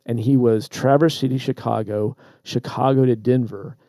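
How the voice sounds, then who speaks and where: Guy on a podcast telling a story, super mellow dark voice, dry close mic. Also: mid-range voice, no echo. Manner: animated storyteller, quick asides, repeats words. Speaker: podcast co-host. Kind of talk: casual storytelling chat. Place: Traverse City, Michigan.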